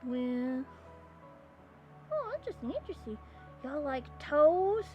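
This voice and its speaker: Excitable young woman streamer, squealing. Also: high voice, takes it slowly, dull audio. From California. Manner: excitable, giggly, rambling with sudden squeals. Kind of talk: casual chat while drawing on stream. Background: faint music.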